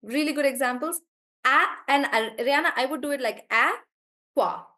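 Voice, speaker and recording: A woman teaching a live online English class, warmly praising students and slowly drawing out words as she models how they sound. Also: high-pitched. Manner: encouraging, drawn-out words when modelling pronunciation.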